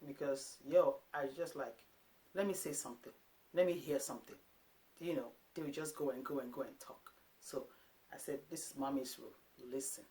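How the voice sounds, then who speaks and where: A woman in her thirties from Africa, a parenting vlogger talking casually to camera, lively and quick to act out little quotes. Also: extremely low pitch. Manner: animated, acts out quotes of herself and her sons.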